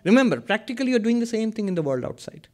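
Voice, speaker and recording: A man's voice: high-pitched, racing. Earnest man, lecturing. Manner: earnest, lively, asks and answers his own questions. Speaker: Vedanta teacher. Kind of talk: spiritual discourse.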